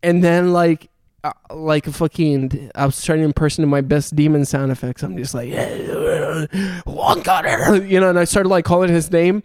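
A man's voice: fairly high pitch, normal speed, hardly any pauses, a little mellow, clear, resonant tone, no room sound, studio quality. A young man telling a long story in casual chat, swearing often and laughing as he goes.

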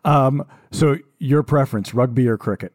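A male podcast co-host asking quick, playful questions. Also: medium pitch, a little mellow, no room sound. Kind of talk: lightning-round questions.

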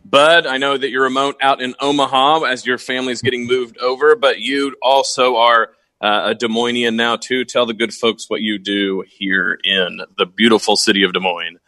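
A man's voice: mid-range voice, fairly even intonation, normal speed, hardly any pauses, sharp tone, no echo, rough recording. A man co-hosting a radio talk show, joking easily with his co-host and addressing listeners as folks. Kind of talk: casual radio talk chat. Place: studio.

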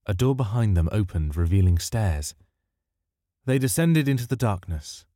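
A man narrating a story in a calm, measured, dryly wry way. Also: deep voice, dry recording, studio quality. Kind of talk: audiobook narration.

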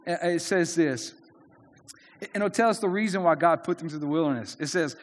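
High-voiced man preaching in a reverberant hall. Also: fairly quick. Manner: earnest, conversational preaching with many restarts. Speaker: pastor. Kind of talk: sermon.

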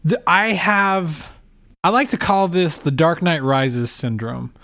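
Guy on a podcast telling a movie story, kinda high voice, does little impressions. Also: slow pace. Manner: animated storytelling, mimics voices. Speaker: podcast co-host. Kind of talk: casual chat.

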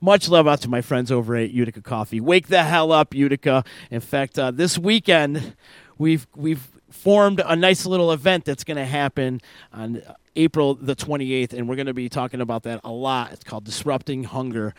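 A man hosting a radio show in an energetic, joking, casual way. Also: mid-range voice, moderate pace, smooth, no room sound. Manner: energetic, hype, loose and joking.

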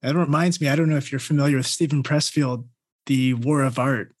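Co-host: man, mid pitch, reflective and conversational. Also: fairly even intonation, fairly quick. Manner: thoughtful, offers book references. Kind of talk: interview conversation.

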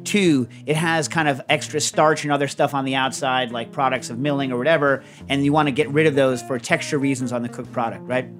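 A middle-aged man hosting a casual chat show, telling stories in a rambling, animated way with lots of fillers. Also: medium pitch, a little fast, few pauses, faint music behind. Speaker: podcast host.

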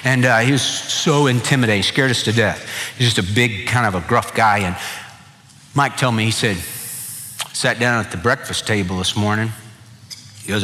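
A man's voice: fairly low pitch, moderate pace, long pauses, sharp tone. A middle-aged male pastor preaching a sermon with folksy, humorous storytelling. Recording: reverberant church hall.

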